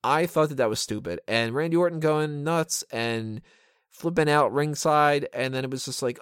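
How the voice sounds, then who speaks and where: A man's voice: a little high, normal speed, a bit bright, smooth, dry recording, clean studio sound. A man giving an opinionated, sarcastic casual review of a wrestling show, swearing freely. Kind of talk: casual commentary.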